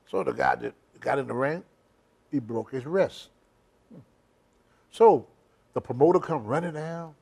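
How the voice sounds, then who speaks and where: A man's voice: fairly high pitch, moderate pace, gravelly, long pauses, a little mellow. An older man, a senior citizen, telling emphatic, rambling stories with loose grammar as an interview guest. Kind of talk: shoot interview storytelling.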